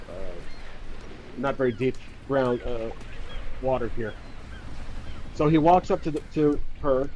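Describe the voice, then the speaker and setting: A man's voice: medium pitch, a little mellow, muffled recording, a little hiss or hum. Hesitant man narrating his solo tabletop game. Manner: thinking aloud, hesitant, with frequent restarts.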